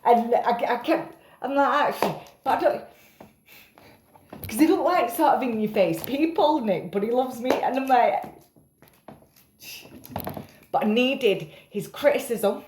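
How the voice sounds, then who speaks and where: A woman's voice: a little high, expressive, measured pace, pauses often, a little mellow, echoey room, slight background noise. A tired woman rambling in a casual vlog, self-mocking and swearing casually. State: tired after a night up. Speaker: vlogger.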